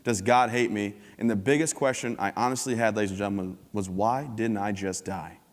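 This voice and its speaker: A man's voice: on the low side, steady tone, fairly quick. A man giving a humorous, upbeat motivational talk as a keynote speaker at a conference. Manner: joking, upbeat storyteller. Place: large conference hall. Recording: long hall reverb.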